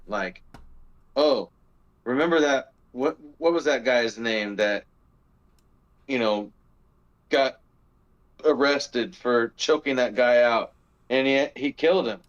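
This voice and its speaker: Man, podcast co-host, casual rambling talk, middle pitch, slightly dull lo-fi sound. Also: slow pace, long pauses. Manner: rambling storytelling, many fillers and restarts. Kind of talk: casual discussion.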